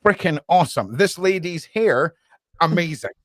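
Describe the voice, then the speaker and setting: A man's voice: on the high side, lively intonation, moderate pace, no room sound. A man co-hosting a podcast in casual chat, talking bluntly and rambling with no filter. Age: adult, with a daughter. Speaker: podcast co-host.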